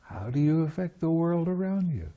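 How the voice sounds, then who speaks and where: A man's voice: on the high side, very animated, normal speed, dark tone, muffled recording. A man giving a dharma talk as meditation teacher at a retreat, teaching playfully and often laughing. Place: meditation center.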